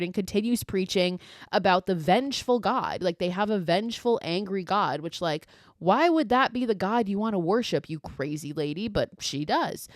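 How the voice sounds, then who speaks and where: A woman's voice: mid-range voice, normal speed, no echo, studio quality. Profane young woman recapping a movie. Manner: profane, animated retelling with quoted lines. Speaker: podcast host.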